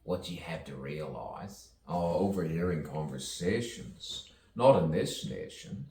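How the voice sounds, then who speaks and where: A poet with a rumbling low, warm voice improvises a rambling, rhyming stream-of-consciousness monologue, chuckling between lines. He's animated but a little slow, with vocal fry. The mic is distant, giving a roomy echo and faint ambience.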